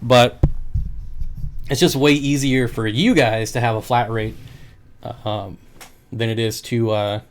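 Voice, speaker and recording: A man's voice: mid-range voice, steady tone, measured pace, pauses often. A man who sells aquarium fish, chatting casually on his livestream, joking and laughing often. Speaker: aquarium fish seller and streamer.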